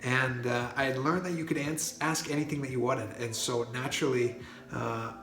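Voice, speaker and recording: A man recounts a personal experience in a loose, earnest vlog monologue, often pausing on fillers and restarting his sentences. His voice carries a roomy echo, and faint music plays underneath. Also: mid-range voice. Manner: earnest, many fillers and restarts, grows excited. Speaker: vlogger. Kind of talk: personal story, casual monologue.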